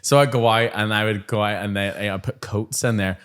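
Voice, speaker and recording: A man in his thirties, a teacher co-hosting a chat show, telling lively stories and acting out classroom voices. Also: lowish voice, brisk, smooth. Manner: animated storyteller, acts out classroom voices. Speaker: podcast co-host, teacher. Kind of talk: casual chat.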